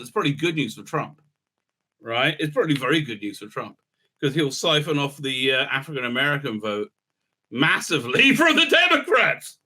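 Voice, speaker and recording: Bright-voiced man, lively rambling commentary. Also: a little high. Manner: rambling and sarcastic, laughs often. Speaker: rabbi and political commentator. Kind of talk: casual commentary monologue.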